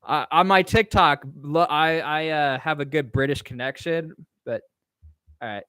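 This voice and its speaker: A man's voice: a little high, unhurried, bright, forceful tone, clean tone, no room sound, studio quality. A man hosting a casual livestream Q&A, reading chat questions aloud and answering in a rambling, offhand way. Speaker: livestream host.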